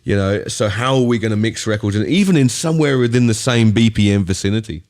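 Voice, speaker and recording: Lowish middle-aged Australian man storytelling. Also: quick pace. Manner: rambling, animated storyteller. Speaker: guest DJ and producer. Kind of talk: podcast storytelling.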